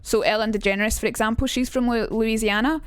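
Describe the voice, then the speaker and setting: A woman's voice: fairly high pitch, fairly even intonation, brisk, smooth, no room sound, clean studio sound, faint music behind. A young woman with a Glaswegian Scottish accent, streaming a casual lesson, chatty and sweary and reading out her chat. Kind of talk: casual live-stream teaching.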